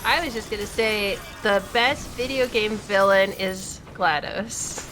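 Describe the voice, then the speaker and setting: A woman's voice: mid-range voice, unhurried, fairly bright tone, a little hiss or hum, low-quality recording. A woman in a casual game chat, playful and joking. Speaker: podcast co-host. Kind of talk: casual chat over gameplay.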